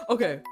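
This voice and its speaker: A woman streamer chatting casually and critiquing art, playful and slangy, teasing her chat and explaining ideas slowly. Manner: explains slowly and repeats herself while drawing.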